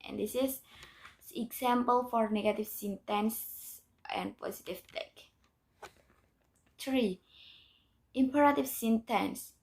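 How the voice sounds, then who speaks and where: A woman's voice: a little high, takes it slowly, vocal fry, pauses often, darkish tone, a little hiss or hum. A young woman, a student, reading a grammar lesson aloud in a careful, methodical way with small restarts. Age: young adult. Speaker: student presenter.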